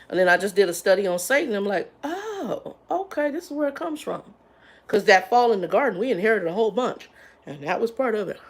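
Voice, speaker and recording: A woman chats on a livestream in a loose, rambling way, calling her viewers "y'all" and greeting them by name. Her voice has a gravelly fry to it, and she sounds a little congested from sinus drainage. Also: medium pitch, a bit bright. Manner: Southern-style slang, "y'all". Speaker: livestream host. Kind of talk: casual livestream chat.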